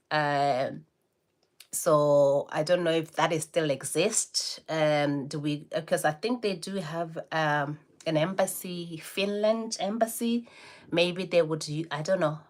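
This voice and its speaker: A woman in her forties from Botswana hosting a casual livestream, chatting with viewers and laughing often between remarks. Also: low-pitched. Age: 40s. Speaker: livestream host. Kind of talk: casual livestream chat, answering viewer comments.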